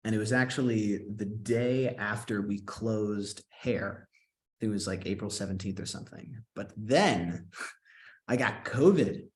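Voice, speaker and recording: A young man chatting as an interview guest, retelling events with quick bursts of excitement in a fairly low voice. He acts out his own past reactions as he talks. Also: a little hiss or hum. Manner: animated, quoting himself in excited bursts. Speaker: guest actor and singer. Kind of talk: casual interview storytelling.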